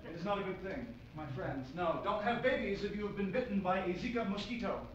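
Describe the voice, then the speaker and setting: A man's voice: high-pitched, fast, dull audio, slight background noise, voice pushed down, close to an everyday voice. A man playing a pompous male public speaker on a comedy stage, delivering a grandiose, mock-formal address while switching between foreign accents. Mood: mock-grave. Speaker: improv performer. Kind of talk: improvised comic monologue in shifting accents. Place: small comedy club stage. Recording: echoey comedy club, mic from far off, audience.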